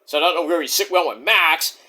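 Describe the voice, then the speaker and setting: A man's voice: a little high, a little fast, pushed and bright. A man casually recapping wrestling shows in a rambling, joking, profane way. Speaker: wrestling show reviewer.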